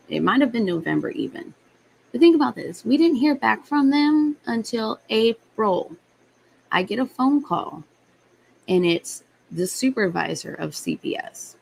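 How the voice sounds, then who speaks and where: A young adult woman hosting a live stream tells a story to her chat casually, bluntly and heatedly, swearing freely. Her voice sits on the low side with vocal fry, and the rough recording carries a little hiss or hum.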